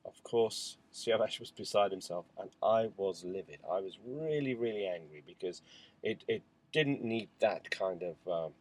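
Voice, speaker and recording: A man's voice: deep voice, lively intonation, moderate pace, rough recording. Man candidly telling a family story. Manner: frank, rambling storytelling with fillers and asides. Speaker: father recounting family life. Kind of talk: candid spoken diary monologue.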